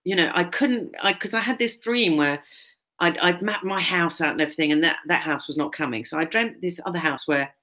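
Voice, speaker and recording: Bright-voiced woman rambling candidly. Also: on the low side, a little fast. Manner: rambling, candid, many fillers and restarts. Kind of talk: casual personal storytelling.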